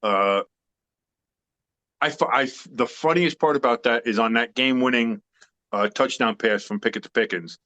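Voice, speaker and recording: A man's voice: medium pitch, normal speed, long pauses, pushed and bright, dull audio. A man co-hosting a sports podcast in casual chat, opinionated and emphatic, rambling with fillers. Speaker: podcast co-host.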